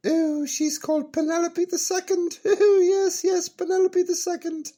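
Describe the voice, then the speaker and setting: A man's voice: very high voice, little pitch movement, unhurried, warm tone, pitched above the performer's own voice. A man voicing a giddy, grand older woman on a comic radio show, giggling and swooping between "oh, yes" and "no, no". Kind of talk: comic radio character bit.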